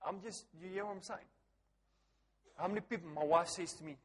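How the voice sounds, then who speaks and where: A man preaching a sermon to a congregation, animated and joking, often laughing and asking the people questions. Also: high-pitched, moderate pace, pauses often, husky. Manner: animated, joking, laughs at his own stories; talks directly to the congregation with frequent questions. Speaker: pastor. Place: church hall. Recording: long reverb of a church hall.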